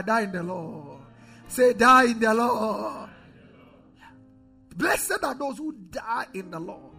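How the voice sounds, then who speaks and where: A pastor preaching a sermon, calling on the congregation to repeat phrases, swinging from loud declarations to low quiet asides. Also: male voice, expressive, measured pace, gravelly, soft background music. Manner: preaching with call-and-response to the congregation.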